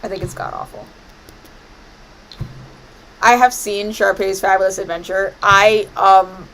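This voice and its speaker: A woman's voice: medium pitch, fairly even intonation, a little slow, long pauses, a bit bright, slight background noise, rough recording. A woman chatting casually over her gameplay, playfully scolding the game with mock-dramatic outbursts. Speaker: gaming streamer.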